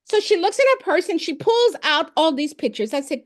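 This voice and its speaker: With a very high-pitched voice and a brisk delivery, a woman recounts classroom stories during an informal interview. A former principal and education expert, she animatedly acts out the dialogue in her anecdotes.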